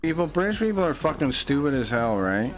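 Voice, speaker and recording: A man with a slightly high voice, cursing and indignant as he chats on a stream. Faint music plays underneath him. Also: sing-song, fairly quick, poor audio. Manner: profane, indignant. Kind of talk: casual stream chat.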